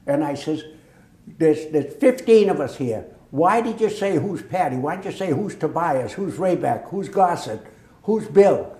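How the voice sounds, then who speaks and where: Recorded in an echoey room, an older man from Massachusetts tells war stories a little slowly, his voice slightly high. As a veteran interviewee giving oral history, he tells them with lively energy, voicing the quoted dialogue.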